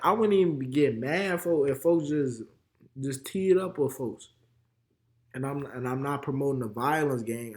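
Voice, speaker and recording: A man's voice: mid-range voice, darkish tone. A young man with a Chicago accent giving heated, slang-heavy reaction commentary. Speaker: reaction video host.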